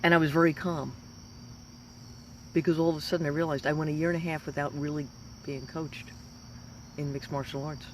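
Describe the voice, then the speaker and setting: A woman's voice: low voice, flat delivery, fairly quick, pauses often, a little hiss or hum. A woman in her fifties, a professional fighter, giving an emphatic, rambling motivational talk. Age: 50s. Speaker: professional mixed martial arts fighter.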